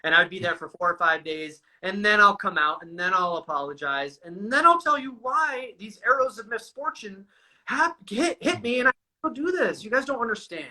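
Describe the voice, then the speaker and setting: A man recounts his own experiences in loose, candid conversation. His voice sits a little high and sounds very bright and forward. He swears often and tosses "dude" into nearly every sentence. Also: expressive, moderate pace, low-quality recording. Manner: casual and profane, says "dude" constantly. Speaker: guest sharing a recovery story.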